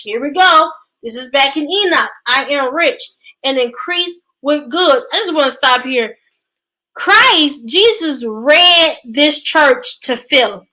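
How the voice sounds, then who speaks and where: High-voiced woman reading scripture. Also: expressive, slow, pushed and bright. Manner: stumbles and restarts while reading aloud; chatty, exclaims to live viewers. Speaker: Bible study host. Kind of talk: scripture reading with casual commentary.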